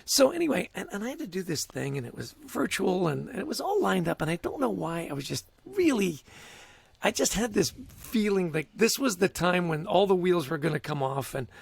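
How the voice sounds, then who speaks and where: A high-pitched man with a gravelly, husky edge to his voice, talking as a guest in a casual interview. He tells stories in an animated way, stumbles over repeated words and laughs often. The sound is dry and close. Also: fairly quick, no echo.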